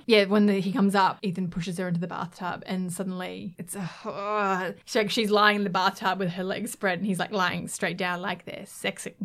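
Woman, mid-pitch co-host; sarcastic, laughing film recap. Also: moderate pace, few pauses. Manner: laughing, sarcastic, animated retelling. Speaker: podcast co-host reviewing a film. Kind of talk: casual chat.

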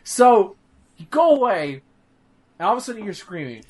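A man streaming games, chatting casually in an animated, profane, rambling way with many restarts. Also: sits high, moderate pace. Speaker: streamer discussing a game. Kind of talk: casual chat.

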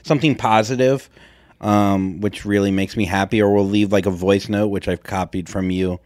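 Laid-back lower-voiced man co-host. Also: fairly even intonation, normal speed, darkish tone, no room sound. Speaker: podcast co-host. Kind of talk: casual chat.

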